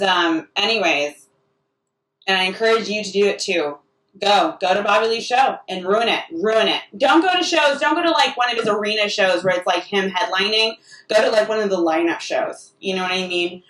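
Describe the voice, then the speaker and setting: A woman's voice: on the low side, fairly bright tone. A woman delivering a rambling comic monologue, often restarting her sentences. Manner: rambling and self-interrupting, full of restarts. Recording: echoey room, distant mic.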